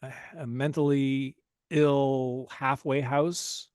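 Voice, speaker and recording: A man's voice: mid-range voice, level tone, takes it slowly, darkish tone, clean tone, no room sound, studio quality. A man hosting a casual movie-recap podcast, telling the story with lots of energy and frequent laughter. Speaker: podcast host.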